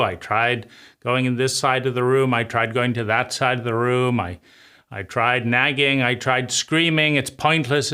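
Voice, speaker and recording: Male host, bright mid-pitched voice, reflective monologue, repetitive and emphatic, prone to halting restarts. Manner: repetitive, emphatic phrasing, speaking as a child's inner voice. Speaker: channel host. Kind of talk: reflective personal-growth monologue.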